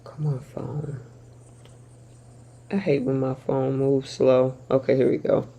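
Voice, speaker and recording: A woman's voice: very deep voice, flat delivery, takes it slowly, vocal fry, dark tone. A woman hosting a casual soap opera recap chat, talking playfully and laughing often. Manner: chatty and laughing, with playful asides.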